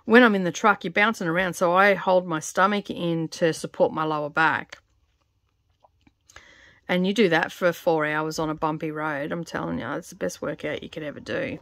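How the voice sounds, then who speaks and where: Chatty Australian woman, slightly croaky. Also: low-pitched, fairly even intonation, moderate pace, a bit bright, dry recording, clean studio sound. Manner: rambling, filler-heavy, chatty. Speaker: cross-stitch vlogger. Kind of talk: casual chat while stitching. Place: home craft studio. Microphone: camera on tripod.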